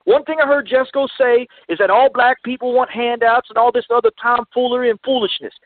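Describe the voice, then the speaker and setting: A man's voice: very high voice, fairly even intonation, brisk, no echo. A man calling in to a comedy show, rambling and calling everyone brother. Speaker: caller. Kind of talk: phone-in comedy chat. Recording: dry tinny phone line.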